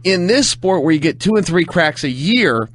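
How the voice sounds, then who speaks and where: A man's voice: a little high, expressive, normal speed, a bit bright, no echo. A man co-hosting a podcast, talking in an earnest, explanatory way with rising emphasis. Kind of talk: casual podcast chat.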